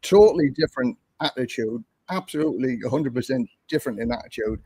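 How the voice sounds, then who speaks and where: A man's voice: mid-range voice, animated, fast talker, warm tone, slightly rough, no echo, low-quality recording. An older man with an English accent, telling a long story in a chatty, repetitive way while hosting a livestream. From England. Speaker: livestream host.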